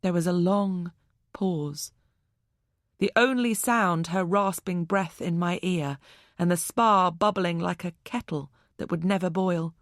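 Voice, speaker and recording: A woman narrating a suspense audiobook in the first person with tense, measured delivery. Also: lowish voice, no room sound, studio quality.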